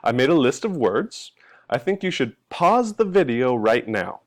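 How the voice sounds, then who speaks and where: Guy teaching english sounds, talks super slow, really animated pitch, repeats stuff patiently. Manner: patient, models sounds slowly and repeats them. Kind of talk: language lesson.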